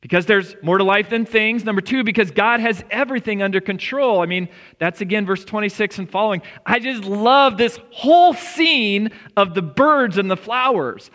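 Pastor, male, bright high voice, earnest conversational preaching, big church reverb. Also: normal speed, few pauses. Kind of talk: sermon. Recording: long reverb of a church hall.

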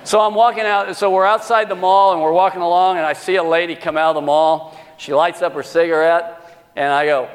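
A middle-aged man preaching a sermon, telling a story and acting out the dialogue with animated energy. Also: sits high, brisk. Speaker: pastor. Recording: long hall reverb.

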